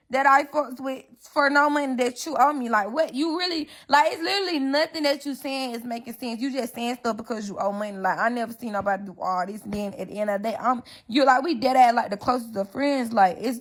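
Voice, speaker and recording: A woman's voice: high-pitched, a bit bright. A young woman, telling a story about a friend in an emphatic, indignant way and acting out both sides of the argument. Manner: emphatic, indignant, acts out quotes. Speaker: storyteller recounting a falling-out. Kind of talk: casual story-time vlog.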